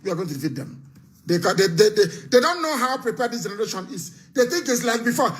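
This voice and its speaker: A man hosting a live call-in broadcast, speaking in an impassioned, rousing way that often swells into shouting. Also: extremely high pitch, animated, quick pace. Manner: impassioned, rousing, scornful, raises his voice to shouts. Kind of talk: fiery live address and call-in.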